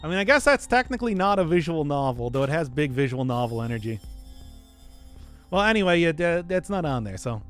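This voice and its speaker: A man's voice: fairly high pitch, sing-song, fairly quick, soft background music. A male streamer in casual live-stream chat, reading viewer requests with wry, teasing banter.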